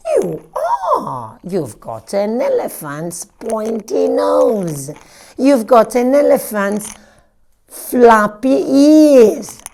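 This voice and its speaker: A woman voicing a bunch of teasing animals in a children's picture book, calling out loudly and brightly. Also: sing-song, extremely slow, heavily acted. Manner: loud, high, teasing. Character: crowd of noisy teasing animals.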